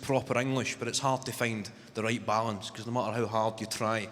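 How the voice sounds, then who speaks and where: A man's voice: lowish voice, fairly even intonation, a little fast. A young Scottish man with a Glasgow accent doing wry stand-up storytelling on stage, slipping into put-on voices. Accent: Glaswegian Scottish. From Scotland. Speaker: stand-up comedian. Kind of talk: stand-up comedy. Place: large live venue. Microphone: stage microphone. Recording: hall reverb, loud crowd noise. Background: audience laughter.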